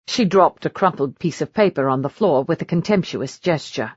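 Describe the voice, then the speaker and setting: A woman narrating a romance audiobook in a measured storytelling manner. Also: sits low, big pitch swings, husky, dry recording, muffled recording.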